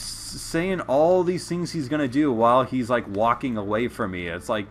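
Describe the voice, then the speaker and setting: A man's voice: mid-range voice, normal speed, hardly any pauses, slight background noise. A young man streaming a game, chatting casually and telling stories with loose swearing. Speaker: gameplay streamer. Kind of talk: casual storytelling while gaming.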